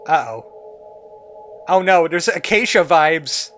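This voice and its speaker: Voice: medium pitch, lively intonation, normal speed, fairly bright tone, soft background music. A let's play host reading game dialogue aloud and dropping wry, jokey asides about the story. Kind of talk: gameplay commentary.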